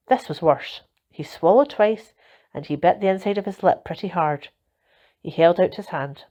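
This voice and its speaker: A woman narrating a children's storybook in a steady, expressive reading voice. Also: medium pitch. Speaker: volunteer reader. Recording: dull lo-fi recording.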